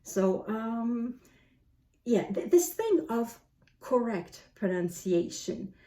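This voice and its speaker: A woman's voice: a little high, very animated, slow pace, warm tone. A woman whose first language is French, talking to camera as a book vlogger, musing aloud and asking herself questions. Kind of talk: casual talk to camera.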